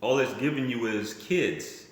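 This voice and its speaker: A man's voice: medium pitch, measured pace. A man telling a personal story in a casual vlog, blunt and rambling, often restarting his sentences and using slang. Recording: very echoey room.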